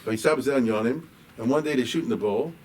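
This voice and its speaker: A man's voice: mid-range voice, brisk, a little mellow. Chatty male rabbi lecturing from afar. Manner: conversational, reads a line then paraphrases with asides and "right?". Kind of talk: explaining a liturgical poem in a lecture. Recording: distant mic with faint background noise.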